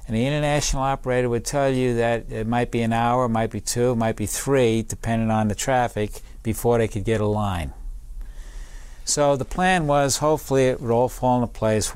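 A man's voice: mid-range voice, darkish tone, clear, resonant tone, no echo. A man in his seventies, a Vietnam veteran and public speaker, earnestly telling a personal story in an interview and repeating key phrases for emphasis.

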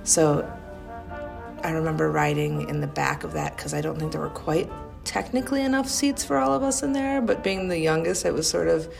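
A woman's voice: low-pitched, big pitch swings, normal speed, gravelly, music in the background. A middle-aged woman from Wisconsin, the youngest of five, fondly telling rambling family memories in an interview. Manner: fond, rambling storytelling with frequent fillers and restarts.

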